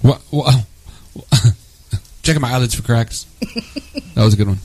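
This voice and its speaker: A man co-hosting a radio show, telling animated stories, laughing often and acting out both sides of a quarrel. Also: medium pitch, moderate pace. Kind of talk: casual radio banter.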